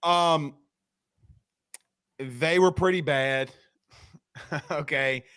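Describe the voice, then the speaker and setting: A man hosts a casual sports show, his voice sitting fairly high. He tells stories with animated, joking energy. The sound is dry and close to the mic. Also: extremely slow, clean tone, no echo. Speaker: sports talk show host.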